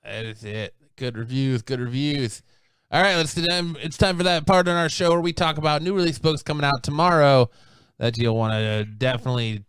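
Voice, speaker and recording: Smooth-voiced man hosting a casual show. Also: medium pitch, dry recording. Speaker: podcast host.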